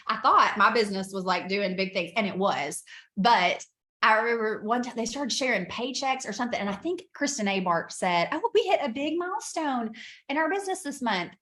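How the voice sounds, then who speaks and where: A woman giving an energetic, emphatic coaching talk over a video call, often laughing. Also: mid-range voice. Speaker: guest speaker, business coach.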